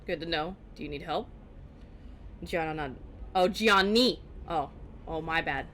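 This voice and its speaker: Bright-voiced woman, chatty gamer. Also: sits low, a little slow, long pauses, a little hiss or hum. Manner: chatty, rambling, many fillers. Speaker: let's play streamer. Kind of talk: casual gameplay commentary.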